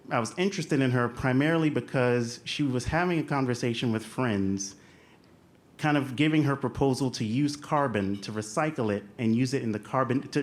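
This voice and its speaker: Man, young adult, American, slight Southern accent, live storyteller, humorous, self-deprecating. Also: mid-range voice. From United States. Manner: humorous, self-deprecating, acts out quoted voices.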